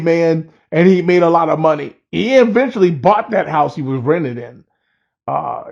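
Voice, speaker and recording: A man's voice: on the high side, creaky, darkish tone, dull audio. A man telling a story in a loose, rambling, profane way, chuckling as he goes. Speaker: storyteller vlogger.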